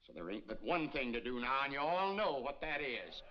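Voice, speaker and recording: A man's voice: medium pitch, very animated, fairly quick, slight background noise, lightly acted. An actor playing a townsman who scolds his neighbors in a plain-spoken drawl, in a dull old film soundtrack. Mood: indignant.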